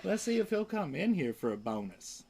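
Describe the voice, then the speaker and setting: A man's voice: high voice, sing-song, normal speed, vocal fry, a little mellow, slight background noise. A laid-back man hosting a casual home livestream, chatting and cooing at his pet in baby talk. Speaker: livestream host. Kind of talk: casual chat.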